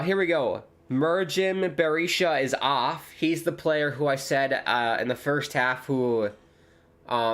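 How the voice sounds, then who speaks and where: Chatty man commentating a football stream. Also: mid-range voice. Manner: chatty, jokey, reads viewer comments aloud, gets loud at chances. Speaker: streamer hosting a football watchalong. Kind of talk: casual live commentary and chat. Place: home with dogs nearby.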